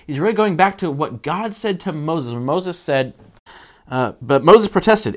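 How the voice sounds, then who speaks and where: A man preaching a casual, conversational sermon as a church pastor, acting out the people he quotes. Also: measured pace. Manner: animated, conversational, acts out quotes with jumps in pitch.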